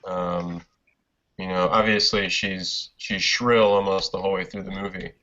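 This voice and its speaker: A man's voice: low voice, level tone, unhurried, sharp tone. A man in a casual film discussion, hesitant and searching for words. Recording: dull lo-fi recording.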